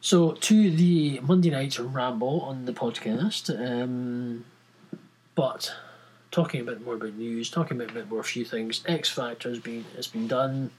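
A man's voice: medium pitch, a little slow, darkish tone, a little hiss or hum, rough recording. A man hosting a podcast on his own, chatting casually in a rambling, jokey, self-mocking way. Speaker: podcast host. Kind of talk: casual solo podcast chat.

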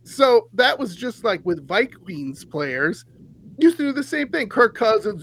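A man hosting a sports podcast, ranting in an animated, heated way and laughing often. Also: sits high, slow, gravelly, husky, rough recording. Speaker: podcast host.

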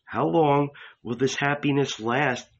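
A man reading an audiobook, voicing a weary grown prophet who speaks in soft, tender murmurs. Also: mid-range voice, measured pace, highs cut off, pitched above the performer's own voice.

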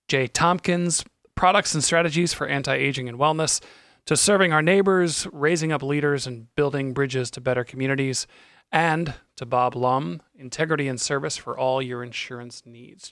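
A man's voice: medium pitch, no echo, studio quality. A man hosting a talk show, reading sponsor thanks and asking his guest questions. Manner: reads sponsor list, then asks gentle questions. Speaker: radio show host.

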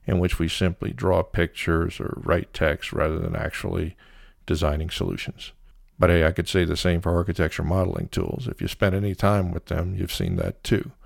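A man hosting a solo podcast episode, explaining his opinions in a measured way with the occasional filler. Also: low-pitched, gravelly, no echo, clean studio sound. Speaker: podcast host.

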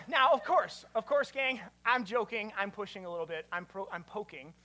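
A man, a pastor, giving an animated teaching sermon and quizzing his listeners. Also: sits high, normal speed.

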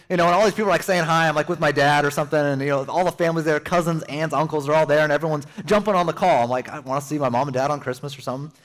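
A young man preaching a sermon as pastor, conversational and animated, slipping in playful asides. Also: fairly high pitch.

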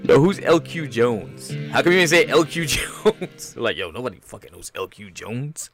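A man giving a loud, laughing, profane comedic reaction to a movie trailer, full of slang. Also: mid-range voice, big pitch swings, moderate pace, music in the background.

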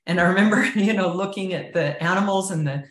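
A woman's voice: lowish voice, brisk. A woman telling her personal story of faith as an interview guest, earnest and candid, often saying "like" and "you know". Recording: roomy echo.

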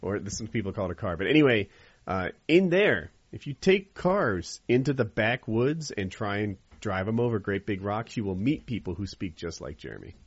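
A man co-hosting a casual chat podcast, lively and conversational, laughing often. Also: on the low side, moderate pace, breathy edge, dry recording. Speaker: podcast co-host. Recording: dull lo-fi sound.

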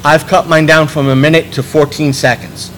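A man hosting a podcast in casual chat, rambling and restarting his sentences, animated when he quotes people. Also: on the high side, normal speed, slight background noise, poor audio. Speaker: podcast host.

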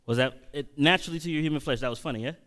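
A male preacher giving a sermon-style lecture, often restarting his phrases and building to loud, emphatic bursts. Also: a little high, rapid-fire. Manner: repeats and restarts while reading quotes aloud.

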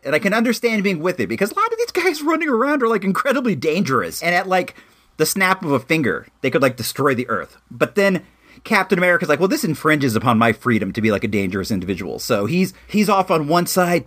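A man's voice: mid-range voice, fairly bright tone. Rambling man chatting casually. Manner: rambling, with frequent fillers and restarts; self-deprecating and joking. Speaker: podcast host. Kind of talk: casual solo chat. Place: home bathtub.

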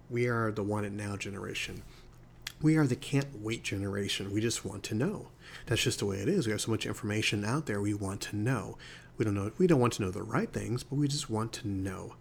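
A man in his forties hosting a solo podcast, musing calmly about life, with rhetorical asides. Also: fairly low pitch, a little hiss or hum. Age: 40s. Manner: calm, reflective, preachy musing with rhetorical asides. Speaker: podcast host.

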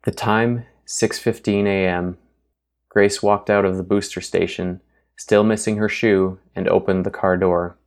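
A man reading a novel aloud as an audiobook narrator in steady, even storytelling. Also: deep voice, measured pace. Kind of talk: scripted narration.

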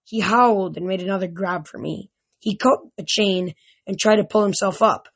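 A woman reading a novel aloud, often tripping over words and restarting, with louder shouted lines. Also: medium pitch, moderate pace, husky. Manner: reads aloud with frequent slips and restarts. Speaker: reader. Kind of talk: amateur audiobook reading.

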